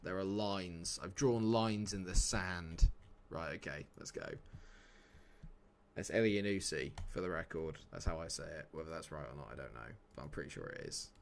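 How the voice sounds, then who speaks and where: There's a little hiss or hum behind this man's low, gravelly voice as he streams a game at a moderate pace. The talk is a casual live-stream chat: he's chatty, jokes around, and responds to viewers by name.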